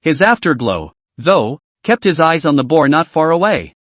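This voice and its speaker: A man's voice: on the high side, big pitch swings, moderate pace, a bit bright, no echo. A man narrating a web comic recap, telling the story steadily with asides to viewers.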